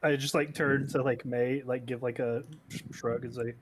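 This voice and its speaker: A man's voice: medium pitch, level tone, moderate pace, slight background noise. Casual swearing man playing a tabletop game. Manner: loose, filler-heavy, swears freely. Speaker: player.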